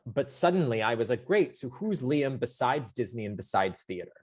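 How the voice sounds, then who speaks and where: A man's voice: mid-range voice, big pitch swings, moderate pace, darkish tone. A young adult man, a podcast co-host, telling a story in a casual, emotional and rambling way. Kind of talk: casual chat.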